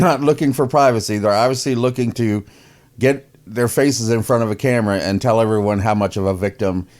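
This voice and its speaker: A man's voice: medium pitch, darkish tone. A man casually mocking a news story as a podcast host, laughing often and repeating himself. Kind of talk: casual opinion commentary.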